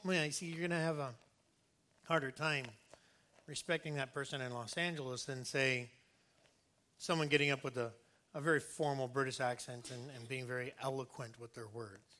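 A man's voice: medium pitch, steady tone, brisk, fairly bright tone. A man preaching a sermon as a pastor, earnest and emphatic, speaking conversationally with frequent restarts.

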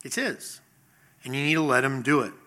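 A man's voice: mid-range voice, normal speed, bright, forceful tone. A middle-aged man preaching a sermon in a conversational way, asking the congregation questions and acting out little scenes. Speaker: pastor.

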